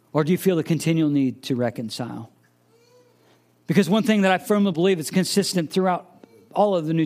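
Male pastor, sermon, fairly high voice, earnest, questioning, mimics listeners. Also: a little mellow.

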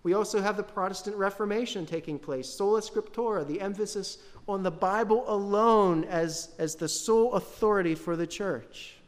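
Man, preaching, asks the congregation questions, high-pitched, echoing hall. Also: normal speed, hardly any pauses. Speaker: pastor. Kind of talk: sermon. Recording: long hall reverb.

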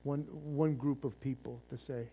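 A man's voice: medium pitch, steady tone, moderate pace, muffled recording, a little hiss or hum. A man preaching a sermon as pastor, fervent and casual, often repeating words as he restarts.

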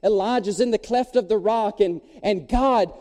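A man's voice: sits high, moderate pace, mellow. A man, preaching a sermon as pastor and drawing the congregation into call and response. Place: church sanctuary. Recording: long hall reverb.

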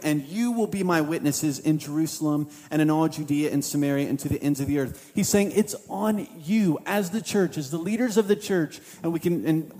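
A man's voice: sits high, a little mellow, big-room sound. A man preaching a sermon as pastor, casual and conversational, voicing what the disciples might have thought.

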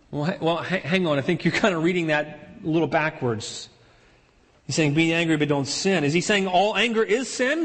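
Man preaching in a reverberant hall. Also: a little high. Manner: earnest, repeats key phrases for emphasis. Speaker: pastor. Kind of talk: sermon.

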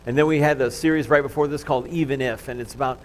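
Soft-spoken conversational pastor, man. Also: mid-range voice, fairly even intonation, fast talker, slight background noise, poor audio. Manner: conversational, self-deprecating, drops to a soft hush for quiet lines. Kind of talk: sermon. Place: church sanctuary with congregation.

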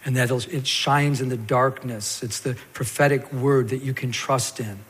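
A man preaching a sermon as a pastor, telling the scripture story in a lively way and acting out the stammering parts. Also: mid-range voice, moderate pace, slightly rough. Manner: animated storytelling, acts out Peter's stammer. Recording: long hall reverb.

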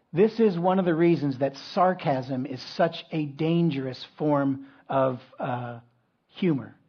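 A man's voice: a little high, breathy edge. A middle-aged man preaching a conversational sermon, with frequent restarts and asides. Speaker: pastor. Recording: dull lo-fi sound.

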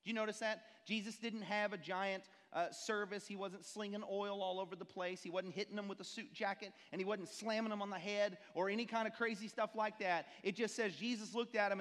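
A male pastor preaching a sermon, telling stories with animated voices and asking the congregation rhetorical questions. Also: high voice. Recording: long reverb in a church hall.

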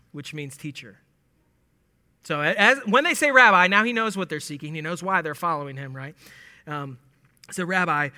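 A man with a high, very bright voice teaches through scripture in a relaxed, humorous way. He acts out the lines and laughs along. The sound carries a long reverb from a large hall. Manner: animated and joking, acting out lines with laughs. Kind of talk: casual verse-by-verse Bible teaching.

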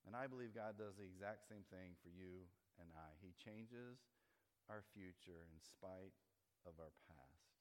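Man preaching in a reverberant hall. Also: low-pitched. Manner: conversational preaching, slowing to stress key words. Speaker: pastor. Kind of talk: sermon.

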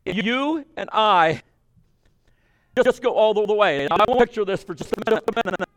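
High-voiced, animated male preacher. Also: moderate pace. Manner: animated, emphatic, with conversational asides to listeners. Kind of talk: sermon with Bible reading.

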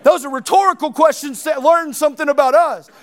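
Middle-aged male preacher with a very high voice, dramatic sermon delivery, voices Bible figures. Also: a little fast. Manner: animated, dramatic, acts out Bible characters.

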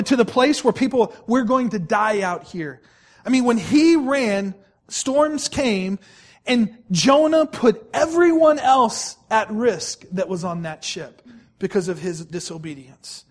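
A man preaching a sermon as pastor, emphatic and repetitive, slowing down to stress key words and questioning the congregation directly. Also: high voice, lively intonation, a little mellow. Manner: emphatic, repeats phrases, slows right down to stress key words.

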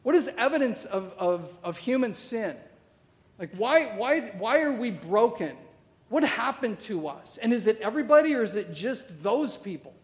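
A man's voice: sits high, big pitch swings, moderate pace. A middle-aged male pastor preaching a conversational sermon, full of rhetorical questions and frequent "okay?" check-ins to the congregation. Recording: long reverb of a large hall.

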